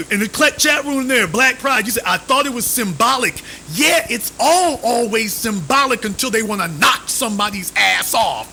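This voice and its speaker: A man's voice: sits high, pushed and bright, slight background noise, poor audio. A man hosting a live stream, giving emphatic commentary, with sarcastic, repeated rhetorical questions.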